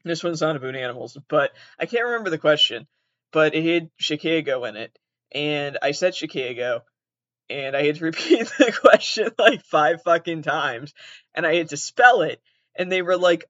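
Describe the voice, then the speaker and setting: A man's voice: a little high, animated, normal speed, fairly bright tone, no echo, lo-fi sound. A man with an upper Midwestern, near-Canadian accent hosting a casual solo podcast. He rambles, laughs mid-sentence, swears freely, and pokes fun at himself. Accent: upper Midwestern / southern Canadian. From southeastern Massachusetts. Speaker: podcast host.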